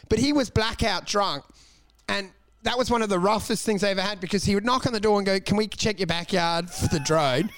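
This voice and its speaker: Brief: young man, light high voice, rambling anecdotal storyteller who swears freely. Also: a bit bright, a little hiss or hum. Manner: rambling storyteller, swears a lot, laughs through stories. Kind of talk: casual comedic chat.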